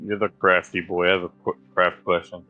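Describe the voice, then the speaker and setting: Low voice guy at the d&d table, pushy, keeps repeating himself. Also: flat delivery, brisk, narrow, tinny audio, faint music behind. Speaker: player. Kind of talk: casual tabletop game play.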